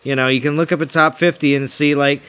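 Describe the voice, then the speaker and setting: Stream host, male, slightly high voice, rambling casual chat with laughs. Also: fairly even intonation, quick pace, fairly bright tone, clean tone. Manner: rambling, repeats himself, laughs often. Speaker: livestream host.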